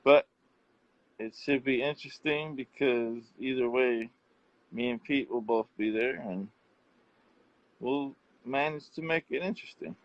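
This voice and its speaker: Slow-talking man, dull lo-fi sound. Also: mid-range voice, no echo. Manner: slow, easygoing wrap-up talk. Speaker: show host. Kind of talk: casual chat.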